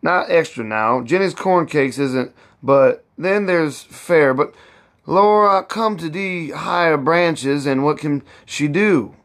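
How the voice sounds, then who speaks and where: A man reading aloud gives voice to a proud, bossy old plantation cook who fusses and scolds in thick old Southern dialect. Her voice sits higher than his own and her words are slow and drawn out. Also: fairly bright tone. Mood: gossiping. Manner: raised pitch, drawn-out words.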